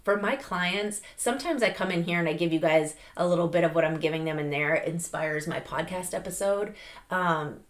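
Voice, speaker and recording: A middle-aged woman hosting a podcast, giving an animated, chatty motivational talk with lots of fillers and laughs. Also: lowish voice. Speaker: podcast host. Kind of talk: casual motivational monologue.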